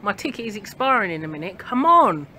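A woman's voice: medium pitch, sing-song, brisk, background noise. A woman narrating a casual toy vlog, talking chattily to her viewers. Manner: chatty, addresses viewers as guys. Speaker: vlogger.

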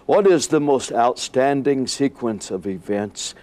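A man mimicking a pompous male preacher who orates to a crowd. His delivery is slow and drawn out. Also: medium pitch, animated, darkish tone, lightly acted. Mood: orating.

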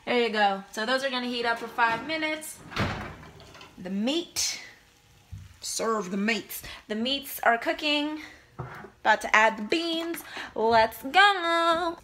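A woman's voice: fairly high pitch, expressive, slow pace, long pauses, sharp tone, slight background noise, poor audio. A young woman comedian filming a casual cooking vlog in her home kitchen, joking, swearing and chanting silly chopping songs.

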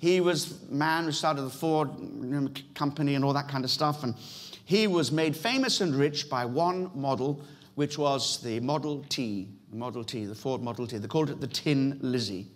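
A man's voice: medium pitch, moderate pace. A middle-aged man with a British accent preaching a sermon in a church, emphatic, repeating key phrases and speaking straight to the congregation. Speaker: pastor.

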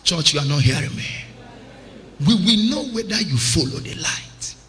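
Evangelist guy preaching hard, high lively voice, goes up and down a lot. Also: moderate pace. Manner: impassioned preaching, swelling into shouted emphasis. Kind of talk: sermon.

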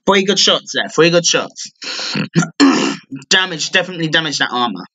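A young man giving live commentary on his own gameplay, clearing his throat often and breaking into excited outbursts. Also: a little high, moderate pace. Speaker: gamer streamer.

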